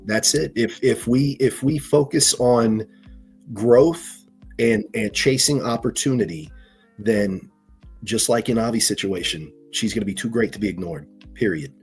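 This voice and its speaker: A man's voice: lowish voice, a little slow, faint music behind. A man co-hosting a podcast who chimes in with ready agreement and short affirmations. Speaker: podcast co-host. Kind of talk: casual podcast conversation.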